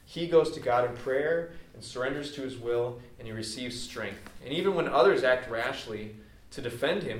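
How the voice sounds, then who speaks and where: A pastor preaching a sermon in a conversational, explaining way, with casual asides to the congregation. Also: male voice, medium pitch, slight background noise. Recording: echoey hall, distant mic.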